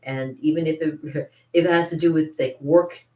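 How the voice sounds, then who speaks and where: A woman vlogger telling a personal story in casual talk, animated, laughing now and then and often restarting her sentences. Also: deep voice, normal speed, a little hiss or hum. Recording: roomy echo, distant from the mic.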